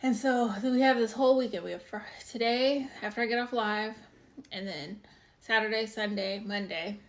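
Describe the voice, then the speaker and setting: A woman's voice: fairly high pitch, steady tone, moderate pace. A woman hosting a casual live-stream show, chatting and greeting viewers by name. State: out of breath. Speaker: waxing show host.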